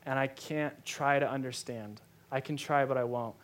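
A man's voice: medium pitch, fairly even intonation, normal speed, a bit bright. A young adult man preaching a sermon, telling a personal story in a conversational way with many fillers like "like". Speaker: pastor.

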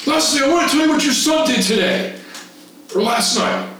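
A booming, stern camp director, as a man puts him on while telling a story, scolding loudly in a voice pitched well above the teller's own. His lines ring out with a roomy echo from a distant mic. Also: expressive, brisk, faint music behind. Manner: shouting, scolding.

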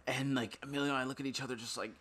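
A young adult man and podcast co-host, telling a story in an animated, casual way full of fillers and swearing. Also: mid-range voice, racing.

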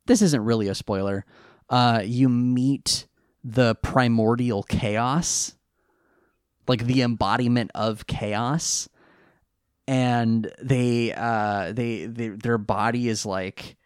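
A man co-hosting a podcast in casual chat, recapping an episode in a rambling, hesitant way and jumping up in pitch on excited questions. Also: slow, smooth, no room sound, clean studio sound. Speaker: podcast co-host recapping an anime.

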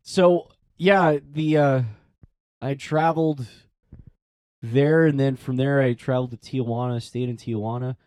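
Smooth and measured, this young priest's mid-range voice comes through with no echo as he shares a personal story in a casual interview. He gets animated, plays out the voices he quotes, and fills his speech with "like."

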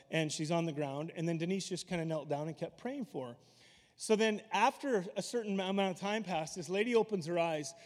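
A man preaching a sermon in a loose, conversational way, telling stories with asides. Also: a little high. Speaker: pastor. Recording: long hall reverb.

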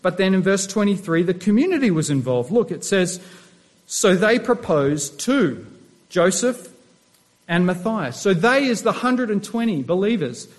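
A man's voice: sits high, very animated, normal speed. A middle-aged man, a pastor, preaching a sermon and asking his listeners questions as he teaches. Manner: asks the congregation rhetorical questions.

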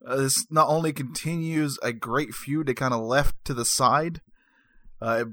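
A man's voice: mid-range voice, measured pace, sharp tone, no room sound, clean studio sound. A man co-hosting a casual podcast chat, reacting eagerly and enthusiastically. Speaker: podcast co-host.

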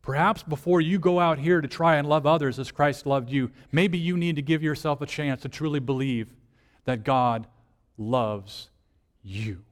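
Male lead minister, higher-pitched, casual sermon delivery that shifts from hushed to emphatic; reverberant room. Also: steady tone, measured pace. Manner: conversational, rhetorical questions, swings from soft to emphatic.

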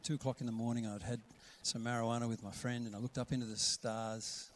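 A man preaching a sermon in a conversational way, acting out quoted voices and dropping to a hush for gentle lines. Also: mid-range voice, flat delivery, fast talker, slight background noise. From Australia. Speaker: pastor.

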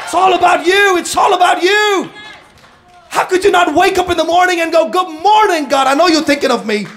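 A man preaching a sermon to his congregation, swinging between shouted fervor and hushed, intense passages. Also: very high voice, a little fast, a faint crowd. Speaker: pastor.

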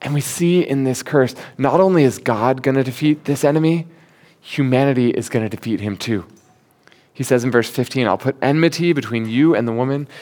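A man preaching a sermon in an animated, conversational way, asking rhetorical questions and acting out the quotes he tells. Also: medium pitch.

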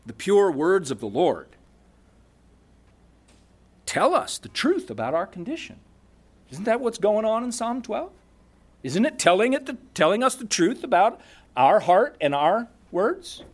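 A man's voice: sits high, big pitch swings, a little slow, pauses often. A man preaching a sermon, emphatic, asking the congregation rhetorical questions and reading scripture aloud. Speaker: pastor.

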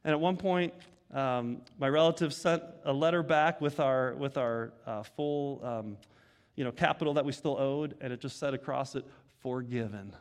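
A pastor preaching an earnest sermon that rises to emphatic peaks. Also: male voice, medium pitch, normal speed, clean tone.

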